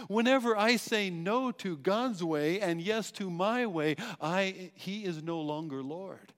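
A man's voice: high-pitched, big pitch swings, normal speed, few pauses. Emphatic male preacher in an echoing hall. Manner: emphatic, rhetorical questions, repeats phrases. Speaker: pastor. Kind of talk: sermon. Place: church hall. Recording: long hall reverb.

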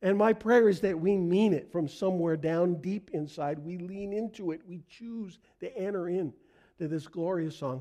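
A middle-aged male pastor preaching a sermon in a church, earnest, going soft in prayer and rising on emphasis. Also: high-pitched, moderate pace. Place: church sanctuary.

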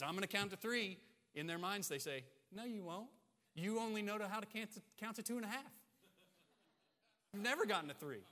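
Male pastor, fairly high and bright voice, emphatic sermon delivery with repeated phrases, long hall reverb.

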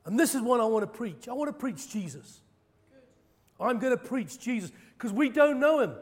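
Male preacher, high voice, fervent emphatic sermon, self-deprecating humor, long hall reverb. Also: expressive, moderate pace. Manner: impassioned, rising to loud emphatic preaching; self-deprecating, joking asides. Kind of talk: sermon with prayer and personal testimony.

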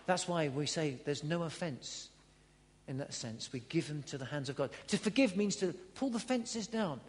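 A man preaching a sermon in a church hall, earnest, swinging between loud emphatic lines and quiet low ones. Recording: long hall reverb.

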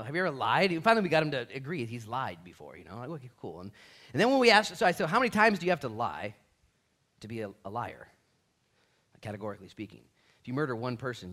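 A man preaching a sermon in a casual, conversational way, acting out quoted lines with big swings in loudness. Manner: animated, acts out quotes with big pitch and volume swings. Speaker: pastor.

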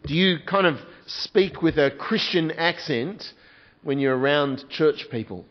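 A man's voice: fairly high pitch, unhurried, dull audio. A man preaching a sermon as a pastor, earnest and putting direct questions to his congregation.

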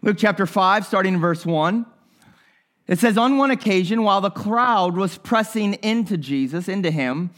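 A man's voice: high-pitched, expressive, normal speed, a bit bright. A man preaching a sermon as pastor, earnest and talking straight to the congregation, often repeating his phrases.

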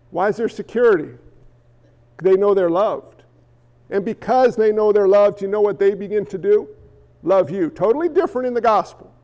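A male pastor preaching an animated sermon, acting out the voices he quotes. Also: high voice. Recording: echoey hall, dull lo-fi sound.

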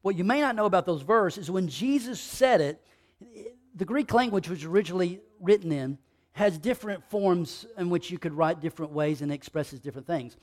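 A man preaching a sermon, moving between quiet, low passages and loud, emphatic bursts of repeated phrases. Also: animated, fairly quick. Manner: fervent, repetitive preaching. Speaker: pastor.

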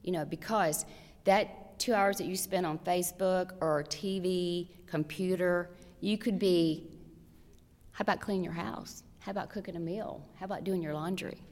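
A woman's voice: on the low side, steady tone, moderate pace, darkish tone. A woman giving practical marriage advice to a church audience, earnest and direct, full of rhetorical questions. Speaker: church women's speaker. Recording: long hall reverb.

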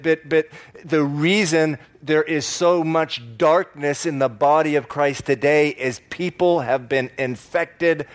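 A man preaching a sermon to a congregation in church, stressing key words by slowing down and repeating phrases. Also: fairly high pitch. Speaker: pastor.

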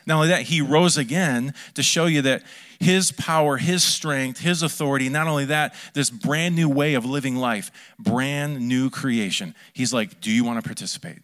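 A male pastor delivers a sermon in a lively, conversational way, cracking jokes and throwing questions out to his congregation. His voice sits at an ordinary middle pitch. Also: normal speed. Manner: lively, joking preaching with asides to the congregation.

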